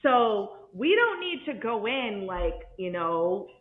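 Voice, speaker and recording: A woman's voice: medium pitch, big pitch swings, slow. A woman co-hosting a casual chat, affirming her partner and teasing playfully. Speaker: co-host. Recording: dull, roomy sound.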